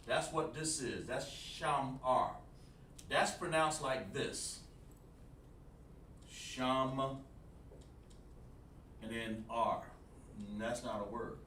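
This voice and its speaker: Drawing out his words and leaving long pauses, this man speaks at a medium pitch with a pushed, bright tone. He's running a live-streamed language lesson, coaching through repetition and asking viewers in the chat for their feedback. Faint noise, room echo and a distant mic mark the recording.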